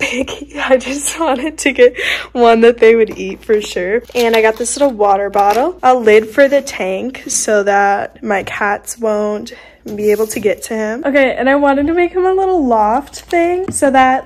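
A woman's voice: fairly high pitch, darkish tone. A young woman chatting in a casual vlog, giddy and bubbly, laughing often as she talks to her phone. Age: young adult. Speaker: vlogger. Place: in a car while driving, later at home. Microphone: phone propped on the dashboard. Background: faint road and wind noise.

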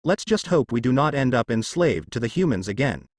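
A man's voice: mid-range voice, sing-song, brisk, no room sound, clean studio sound. A man voicing a dignified, formal male ape spirit with red horns.

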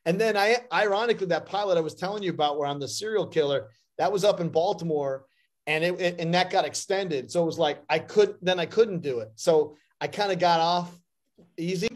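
A man with a high voice tells a rambling, animated story, jumping into the voices of the people he quotes. It is an easygoing interview, and he plays it for laughs. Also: fairly quick. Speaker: actor guest. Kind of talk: casual interview anecdote.

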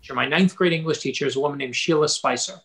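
Animated storyteller man, slightly high voice. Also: fast talker, vocal fry. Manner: animated, acts out quoted dialogue. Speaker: novelist. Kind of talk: anecdotal storytelling.

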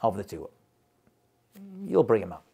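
Animated man teaching a lively class. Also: on the low side, unhurried, gravelly, husky. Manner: animated, emphatic, repeats himself for emphasis. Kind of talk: lively informal lecture to a live group.

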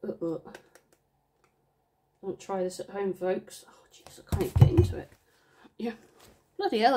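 A woman's voice: mid-range voice, a little mellow. A woman with a Northern English accent who rambles chattily and talks to herself during a casual unboxing vlog. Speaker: vinyl unboxing vlogger.

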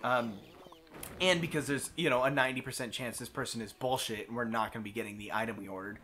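A man hosting a gaming video, telling a long story in a casual, animated way, acting out quotes and swearing freely. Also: medium pitch, fast talker. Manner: animated, profane storyteller who acts out quotes. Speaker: let's play host.

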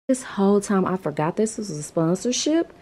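Chatty emotional woman with a dark voice. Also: mid-range voice, lively intonation, moderate pace. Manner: emotional, chatty, addresses viewers as y'all. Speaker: vlogger, mother. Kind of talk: casual vlog to camera.

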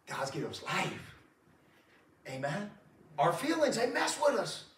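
A man's voice: high-pitched, sing-song, measured pace, fairly bright tone. A man preaching a sermon as pastor, in a folksy way that keeps repeating itself, chuckling and calling his listeners folks. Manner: folksy, repeats himself, chuckles often, calls the crowd folks. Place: church sanctuary. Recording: roomy church sound from a distant mic.

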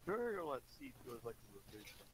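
A man's voice: medium pitch, very animated, fairly quick, crowd noise. A man chatting casually with friends while gaming, laid-back and a little mumbly, heard through a fuzzy failing mic. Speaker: game streamer.

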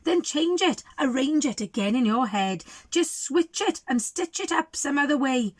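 A woman's voice: high-pitched, expressive, moderate pace, dry recording, studio quality. A woman voicing a polite, clever little girl with a red hood, asking curious questions. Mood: wise coaxing.

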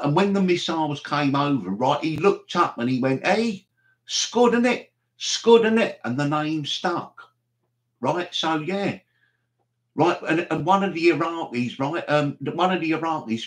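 A man hosting a live stream, rambling and chatty, with mock exasperation. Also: fairly high pitch. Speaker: livestream host.

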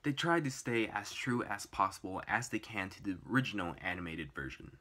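A man's voice: lowish voice, expressive, fairly quick, sharp tone. A young man giving a casual, enthusiastic movie review, rambling with fillers and restarts.

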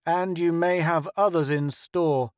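A man's voice: on the high side, steady tone, a little slow, clean tone, dry recording, clean studio sound, pitched above the performer's own voice, close to an everyday voice. A man voicing Lodgson, a thin, pale, sly crewman who speaks with an ominous, wolfish edge in an audiobook story.

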